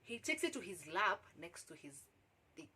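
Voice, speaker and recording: A young Kenyan woman telling a personal story on her vlog, animated and exclamatory, slipping Swahili into her English. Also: mid-range voice, moderate pace, husky. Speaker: vlogger.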